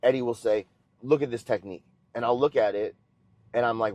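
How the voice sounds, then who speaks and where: A man, a jiu-jitsu coach, explaining his ideas in a steady, teacherly way during casual chat in a car. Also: mid-range voice, brisk, no room sound. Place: inside a car.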